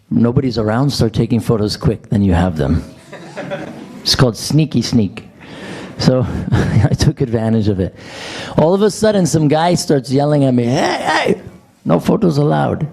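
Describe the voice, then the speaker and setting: A man's voice: medium pitch, dark tone. A man giving a class at a temple, telling chatty, joking anecdotes to a gathered audience. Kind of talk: storytelling scripture class.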